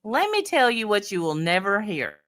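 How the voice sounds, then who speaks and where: Woman, Tennessee Southern accent, bright tense tone, dry close sound, playful teasing livestream host. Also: mid-range voice, wildly swooping pitch, moderate pace, no room sound. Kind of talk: casual livestream chat.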